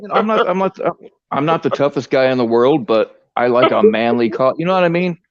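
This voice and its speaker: A man's voice: mid-range voice, expressive, brisk, dry recording. A man telling a crude comic story in a profane, rambling rant on a stream. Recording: dull lo-fi stream audio.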